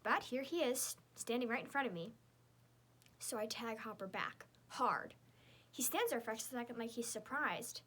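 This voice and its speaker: A woman narrating a children's chapter book in the first person, in a lively, girlish storytelling voice. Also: a little high, moderate pace, breathy edge. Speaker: audiobook narrator.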